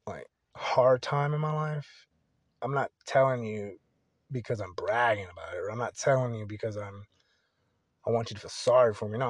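A young man talking on his own podcast in a loose, rambling way, full of swearing and restarts. His voice sits in a middle register. The sound is dry and close, with no room echo. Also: medium pitch. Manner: rambling, profane, candid. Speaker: podcast host. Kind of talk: casual solo podcast monologue.

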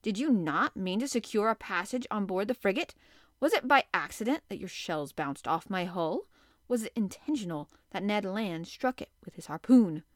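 A woman voicing a calm, commanding middle-aged male sea captain who speaks in a measured, formal way. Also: mid-range voice, dry recording, studio quality, natural voice. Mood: irritated.

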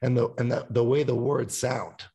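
Gravelly guy rambling about his songs, swears a ton, mid pitch. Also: fairly even intonation, moderate pace, warm tone. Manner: rambling, swears a lot, sings snippets. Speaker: musician guest. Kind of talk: casual podcast chat.

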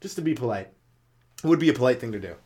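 A man with a slightly mellow voice races through an animated, very fast stand-up monologue on his podcast. It's loose and rambling, with self-mockery, silly voices popping up in jumps of pitch, and a smoker's cough.

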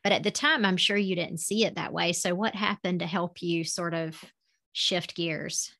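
A woman's voice: lowish voice, fairly even intonation, normal speed, a bit bright. Southern-accented woman interviewer. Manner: attentive, reflective questioning.

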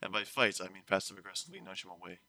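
A man's voice: deep voice, racing. A young man casually telling a story on a podcast, rambling and correcting himself as he goes. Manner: rambling, self-correcting, animated retelling.

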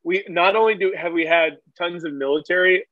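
A man's voice: high voice, a little fast, no room sound. Laid-back swearing man in his thirties. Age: 30s. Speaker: podcast host. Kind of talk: casual chat. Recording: dry, dull lo-fi sound.

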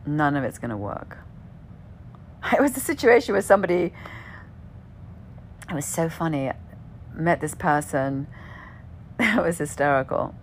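A woman with a low voice and a gravelly, creaky edge tells a personal story in a relaxed way. She keeps checking in with "right?" and sometimes trails off into a soft whisper. A faint hiss sits under the recording. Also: a little slow, long pauses. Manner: conversational, often asks "right?", swears casually.

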